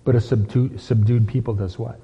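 A man's voice: mid-range voice, steady tone, fairly quick, slightly rough. A man preaching a sermon, full of repeated phrases and rhetorical questions. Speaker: pastor. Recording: dull lo-fi with long hall reverb.

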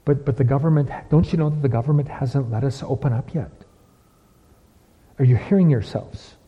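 A man's voice: medium pitch, normal speed, husky. A man preaching a sermon, full of repeated phrases and rhetorical questions. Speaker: pastor. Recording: dull lo-fi with long hall reverb.

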